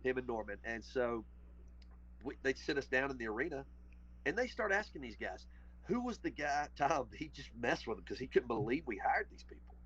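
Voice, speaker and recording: A man's voice: mid-range voice, animated, brisk, a bit bright, a little hiss or hum. A man with a Southern US accent, a podcast guest telling stories in casual chat, rambling and restarting his sentences. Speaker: podcast guest, former wrestler. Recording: muffled lo-fi audio.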